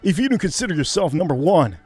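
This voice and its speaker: A man's voice: fairly high pitch, sing-song, fast talker, breathy edge. A man hosting a casual livestream, thanking viewers for super chats in a hyped, repetitive way. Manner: hyped, repetitive, shouts catchphrases. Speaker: livestream host.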